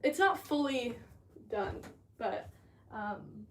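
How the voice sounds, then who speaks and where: A woman's voice: fairly high pitch, slow pace. Chatty woman potter, distant mic. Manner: chatty, scattered, talks to chat while working. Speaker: ceramic artist livestreaming. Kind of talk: casual livestream chat while working. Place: pottery studio. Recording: distant mic with clear background noise.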